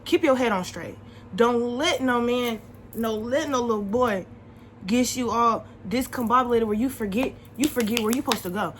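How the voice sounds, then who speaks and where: Lively, high-voiced young woman vlogger. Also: moderate pace, a little hiss or hum, low-quality recording. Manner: animated and chatty, repeats points for emphasis, laughs often. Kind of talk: casual advice chat to the camera.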